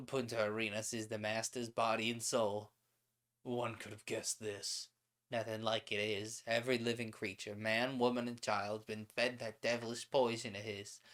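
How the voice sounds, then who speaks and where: A man's voice: fairly low pitch, fairly bright tone. A man reading an old pulp story aloud on a stream, with casual asides and paraphrases between passages. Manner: reads steadily, then adds casual asides and paraphrases.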